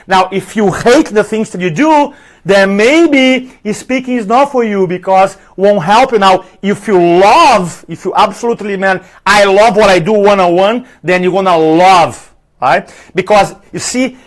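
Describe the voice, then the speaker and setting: Male speaking trainer with a high voice, emphatic and energetic, drills key lines for note-taking. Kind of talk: motivational teaching on a live stream.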